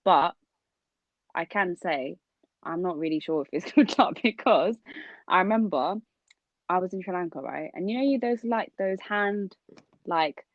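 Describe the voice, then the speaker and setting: Young woman co-host, lower voice, lively storyteller, dry recording. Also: a little slow, long pauses, no room sound, highs cut off. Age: young adult. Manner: animated storyteller, laughs often. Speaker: podcast co-host. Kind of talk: casual storytelling chat.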